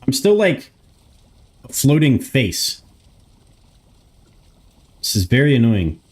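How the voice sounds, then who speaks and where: A young man chats casually on a live stream from a room in his home. He speaks at an unhurried, drawn-out pace at an everyday pitch, muttering to himself and swearing freely. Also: very animated.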